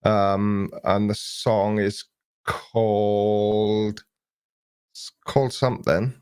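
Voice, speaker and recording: A man's voice: fairly low pitch, level tone, very slow, darkish tone, clear, resonant tone. A man hosting an early morning livestream, greeting viewers by name and chatting about their comments in a rambling way. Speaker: livestream host. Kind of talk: casual livestream chat, reading viewer comments. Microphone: desk recording mic.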